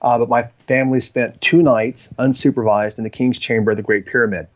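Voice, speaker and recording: A man's voice: mid-range voice, steady tone, fairly quick. A man, a podcast guest, telling personal stories in a rambling way with frequent ums and restarts. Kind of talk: storytelling in conversation. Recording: slightly dull lo-fi audio.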